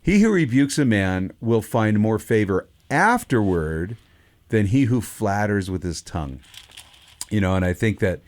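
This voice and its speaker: A man co-hosting a Christian radio talk show, speaking casually with many pauses and restarts. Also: on the low side, animated, darkish tone. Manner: hesitant, many fillers and restarts.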